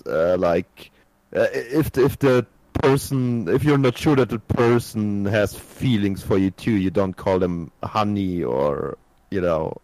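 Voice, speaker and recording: A man's voice: on the low side, darkish tone, no echo, rough recording. Casting: German-accented man, casual podcast chat, hesitant, lots of "uh", dry close mic. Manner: halting, many fillers and restarts.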